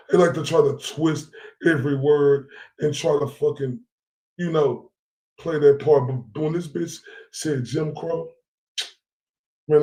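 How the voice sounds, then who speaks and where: A vlogger from the Dallas area fires off a profane, heated monologue to his followers in a room full of echo. His slightly high male voice has a warm tone, and he keeps looping back to "right?" and the same phrases.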